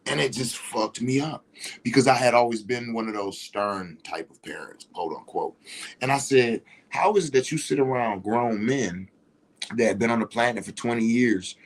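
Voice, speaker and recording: A male livestream host talks casually at a moderate pace in a medium-pitched voice. He rambles while explaining his views, repeating "you know what I'm saying."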